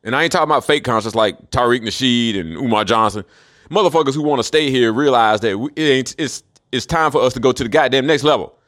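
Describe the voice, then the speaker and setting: A man's voice: medium pitch, fast talker, a bit bright. A man in a rambling solo monologue, profane and mocking, who laughs often. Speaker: commentator.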